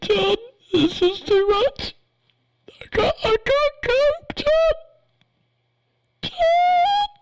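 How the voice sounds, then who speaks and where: A man playing a lovesick, gravelly sports reporter. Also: low-pitched, steady tone, takes it slowly, pauses often, rough recording. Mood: sobbing. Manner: gushing, sobbing pleas. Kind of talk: comedy sketch acting.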